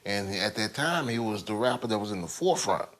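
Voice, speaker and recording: A man's voice: lowish voice, lively intonation, fairly quick, fairly bright tone. A man speaking earnestly in a documentary interview about a local rapper.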